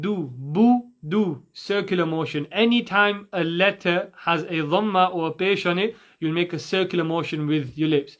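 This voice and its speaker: A man with a high, bright voice teaching Quran recitation. He is patient and drills each sound slowly and repeatedly. The audio is a little dull and lo-fi. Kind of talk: tajweed lesson with slow demonstrations.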